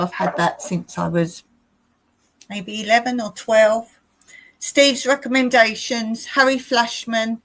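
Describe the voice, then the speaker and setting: A woman's voice: on the high side, fairly even intonation, slow pace, fairly bright tone, poor audio. A middle-aged woman hosting a casual live stream, chatty and rambling, often laughing as she talks.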